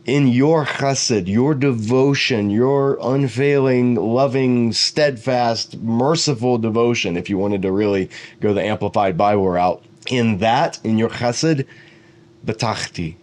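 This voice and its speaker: A middle-aged man teaching Bible commentary, explaining Hebrew words and reading translations aloud with quick asides. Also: medium pitch, darkish tone.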